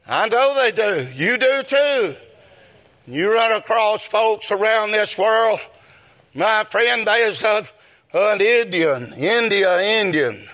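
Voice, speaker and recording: A man preaching a sermon, calling out to the brethren and his friends, telling folksy stories and rising into shouts. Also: high-pitched. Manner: calls out brethren and my friend often, breaking into shouted peaks; folksy storytelling with chuckles.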